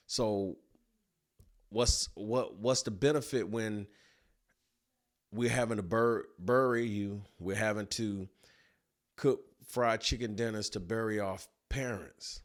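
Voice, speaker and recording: A man and business owner telling a personal story in a colloquial, animated storytelling way. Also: on the low side, slow pace, pauses often. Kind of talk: storytelling talk.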